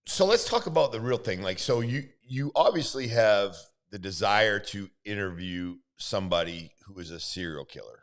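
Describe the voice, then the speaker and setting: A man hosting a talk show, asking a guest questions in a relaxed, searching way. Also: lowish voice, normal speed, hardly any pauses. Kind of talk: casual interview.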